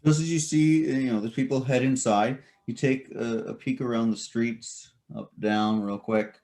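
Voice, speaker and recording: A man narrating a tabletop game as game master, casual and halting with many fillers. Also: mid-range voice, darkish tone.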